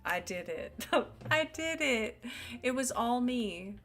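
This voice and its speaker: A woman's voice: on the high side, lively intonation, slow, a bit bright. A young woman chatting casually while live-streaming a game, sleepy and yawning, rambling and giggly as she talks to her chat. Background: faint background music.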